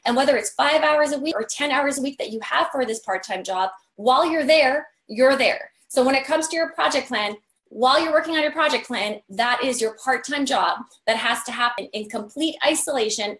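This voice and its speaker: Woman business coach, fairly high voice, going hoarse, chatty and filler-heavy, in a roomy echoing space. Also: brisk, a bit bright. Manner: chatty, filler-heavy, keeps asking "right?". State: losing her voice. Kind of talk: live-streamed scheduling tutorial.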